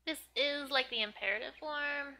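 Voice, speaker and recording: A young woman teaching Japanese from a manga in a chatty, giggly way, full of "like", sometimes muttering softly as she looks up words. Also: sits high, moderate pace. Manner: chatty, giggly, filler-heavy with frequent "like". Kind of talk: casual manga study lesson.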